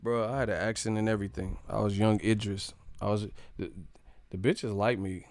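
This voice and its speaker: A young man from the United States, hosting a casual live stream and joking loudly with lots of profanity. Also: lowish voice, steady tone, moderate pace, dry recording. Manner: loud, profane, joking, laughs a lot.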